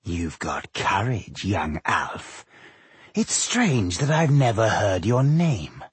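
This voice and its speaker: A man voicing a malicious, cold male elf warrior who speaks slowly, softly and menacingly in an audiobook. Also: fairly low pitch, big pitch swings, husky, no echo, exaggerated voice. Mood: coldly mocking. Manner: slow, soft and menacing.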